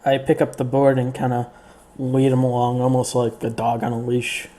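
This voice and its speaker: A man plays a tabletop game and speaks hesitantly, with frequent stammers. His voice is mellow and dark, and his pitch stays flat. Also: moderate pace. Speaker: player.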